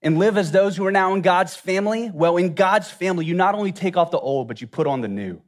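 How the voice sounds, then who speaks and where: A man's voice: high-pitched, lively intonation, fast talker. A man from Louisiana, preaching an earnest sermon and asking the listeners many reflective questions. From Louisiana, USA. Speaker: pastor.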